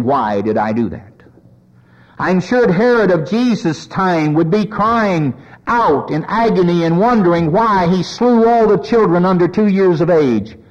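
A man preaching a sermon, his pitch rising as he voices the cries of sinners. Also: dull audio.

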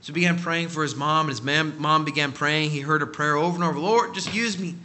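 Male preacher, storytelling sermon, very bright and tense voice, slightly high, emphatic delivery. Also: steady tone, quick pace. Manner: emphatic, acts out quoted voices.

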